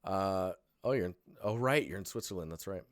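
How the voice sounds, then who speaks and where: Young male streamer, very low voice, dry close sound, sleepy rambling critique. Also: fairly quick, dry recording. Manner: relaxed, rambling, many fillers and restarts. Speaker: streamer reviewing portfolios. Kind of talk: casual live-stream critique.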